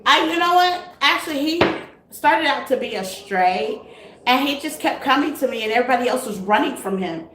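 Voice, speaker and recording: A woman's voice: high voice, animated, a little fast. A woman hosting a tarot live stream, chatting casually and greeting her viewers with terms like baby and honey. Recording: echoey room, faint noise.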